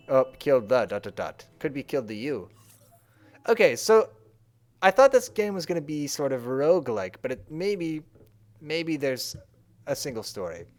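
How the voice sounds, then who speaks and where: A man commenting casually on a game he is playing live, reading its dialogue aloud in playful voices. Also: mid-range voice. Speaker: streamer.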